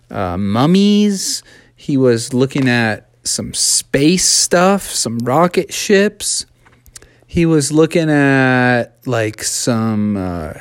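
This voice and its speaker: A podcast storyteller reading a children's story in a relaxed, rambling way with fillers. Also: medium pitch, dry recording, clean studio sound.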